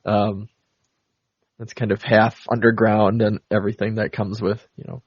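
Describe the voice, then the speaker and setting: A man's voice: on the low side, level tone, moderate pace, husky, dry recording, dull audio. A man co-hosting a podcast, casually retelling a film's plot in a rambling way, full of fillers. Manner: rambling, many fillers and laughs. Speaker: podcast co-host. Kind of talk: casual movie recap chat.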